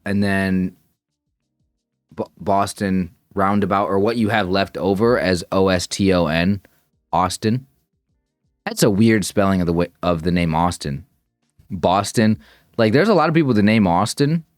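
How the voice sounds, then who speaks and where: A man's voice: sits low, a little slow, long pauses, dry recording, studio quality, faint music behind. A man thinking aloud as he reacts to a puzzle video, rambling and correcting himself as he goes. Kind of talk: casual thinking-aloud commentary.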